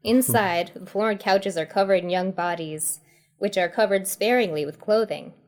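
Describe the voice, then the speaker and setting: A woman's voice: medium pitch, moderate pace. A woman reads a comic horror tale aloud as host, in a mid-range voice. She often slips into giggles between her lines. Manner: breaks into giggles while reading. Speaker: storyteller host. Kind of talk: reading a choose-your-path horror comedy tale.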